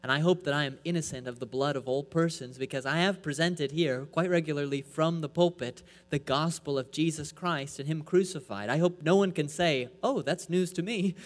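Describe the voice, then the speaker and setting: High-voiced man preaching in an echoey church. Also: normal speed, hardly any pauses. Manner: emphatic, rhetorical questions, swings between loud and soft. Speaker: pastor. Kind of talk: sermon. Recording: echoey hall with mains hum.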